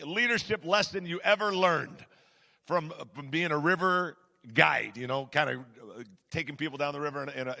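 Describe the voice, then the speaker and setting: High, gravelly-voiced pastor in a big hall. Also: male voice, sharp tone. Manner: chatty, self-deprecating storyteller with many fillers. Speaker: guest pastor. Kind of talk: sermon storytelling. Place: church sanctuary. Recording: large hall with long reverb.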